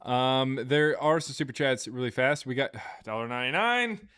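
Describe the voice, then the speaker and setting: A man's voice: a little high, a little slow, fairly bright tone, clean tone, dry recording, clean studio sound. A man hosting a live stream, reading super chats in a casual, jokey, rambling way with many fillers.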